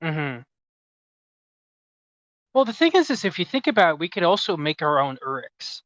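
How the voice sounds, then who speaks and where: Bright, dry-humored young podcast co-host. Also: male voice, on the high side, sing-song, normal speed, no echo. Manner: dry, offhand jokes and quiet "mm-hmm" agreement. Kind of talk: casual chat. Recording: dry, dull lo-fi podcast mic.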